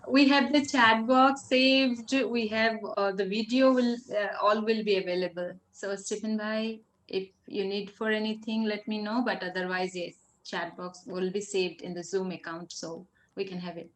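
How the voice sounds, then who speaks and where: A woman's voice: mid-range voice, fairly even intonation, moderate pace, hardly any pauses. A woman hosting an online meeting, chatty and easygoing. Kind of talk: casual online meeting chat. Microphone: video call.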